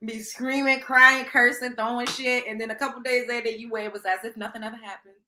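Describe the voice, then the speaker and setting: A woman's voice: on the high side, fairly even intonation, normal speed, bright, forceful tone, a little hiss or hum. A young adult woman hosting a talk show, giving blunt, profane advice in a casual monologue and laughing often. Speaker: show host.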